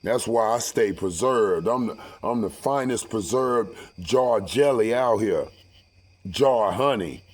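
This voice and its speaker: A man's voice: lowish voice, slow pace, breathy edge, low-quality recording. A man in a casual, profane monologue, rambling and preachy with heavy slang. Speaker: vlogger.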